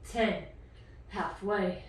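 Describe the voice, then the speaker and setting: A winded woman leads a workout, counting each rep and urging the listener on at an unhurried pace. She is heard from across a very echoey room. Her voice sits at an ordinary pitch. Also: a little hiss or hum. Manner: counts reps aloud, encouraging. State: out of breath. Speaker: fitness instructor. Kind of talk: home workout coaching. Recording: very echoey room, mic far off.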